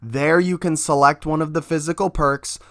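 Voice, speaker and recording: A man's voice: fairly high pitch, fairly even intonation, normal speed, a bit bright, no room sound, studio quality. A man casually promoting his own comic book, hyped and swearing constantly as he talks.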